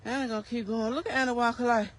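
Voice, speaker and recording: A woman's voice: on the high side, steady tone, very fast. A woman vlogging casually on an outdoor park trail, a little out of breath, chatting and teasing her kids as she walks, on a handheld phone. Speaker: vlogger and mother. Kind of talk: casual walking vlog.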